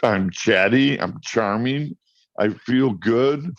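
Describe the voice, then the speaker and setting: A man's voice: mid-range voice, slow. A man telling rambling, chatty anecdotes as a guest in a casual interview over a video call. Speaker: cannabis farmer guest. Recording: muffled dry online call audio.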